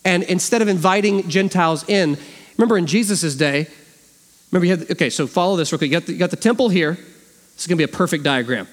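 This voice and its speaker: A man preaching a sermon as a pastor, animated, acting out the voices he quotes. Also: high-pitched, fast talker. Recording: long hall reverb.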